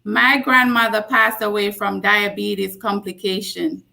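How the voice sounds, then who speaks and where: A woman's voice: mid-range voice, flat delivery, gravelly. A woman in her forties from Jamaica, a nurse practitioner giving a casual health talk, telling stories with emphatic repeats. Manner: slow, warm storytelling with emphatic repeats. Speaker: guest speaker, nurse practitioner.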